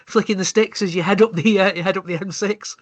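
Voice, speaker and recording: A man's voice: high-pitched, fairly even intonation, fast talker, dry recording. A man with a Yorkshire accent and a cold, co-hosting a podcast in a rambling, joking way. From Yorkshire, England. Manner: joking, rambling, self-deprecating. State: has a cold. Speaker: podcast co-host. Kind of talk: casual chat.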